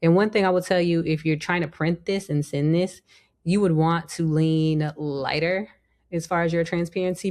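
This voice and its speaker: A woman's voice: low-pitched, darkish tone. A woman hosting a casual design tutorial, chatting through each step as she works at her computer. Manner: chatty, talks through each step with many "you know" and "like". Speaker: tutorial host. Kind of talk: casual screen-recorded software tutorial.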